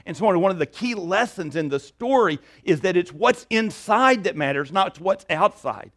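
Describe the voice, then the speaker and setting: High-voiced man preaching a sermon. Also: animated, normal speed, a bit bright. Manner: conversational, repeats words. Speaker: pastor.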